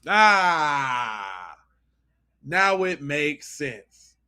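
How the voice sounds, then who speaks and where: A man hosting a live podcast, reacting to clips with loud mocking outbursts and slangy banter. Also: fairly high pitch, big pitch swings, clean tone. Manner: quiet rapid aside to viewers. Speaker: podcast host. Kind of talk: live-stream reaction commentary.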